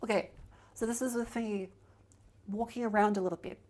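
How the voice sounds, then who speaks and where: Here a woman streamer chats through a mic check, bringing her handheld microphone near and then away from her mouth. Speaking at a moderate pace with fairly even intonation, her middle-pitched voice has a darkish tone as she casually walks an imagined live chat through each step.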